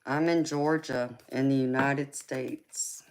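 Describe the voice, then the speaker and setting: A woman with a Southern US twang, softly chatting with her livestream viewers and calling them honey and baby. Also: rumbling low, steady tone, takes it slowly, a little hiss or hum. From California. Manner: soft-spoken, affectionate, calls viewers honey and baby. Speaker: livestream host and tarot reader. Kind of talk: casual live chat with viewers.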